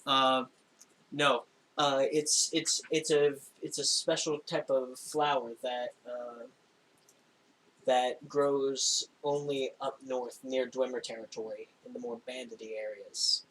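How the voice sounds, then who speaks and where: A young man narrating a tabletop game as game master, in a casual, halting way with frequent laughs. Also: medium pitch, level tone, fairly bright tone, slight background noise, rough recording. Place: home room, recorded for a stream.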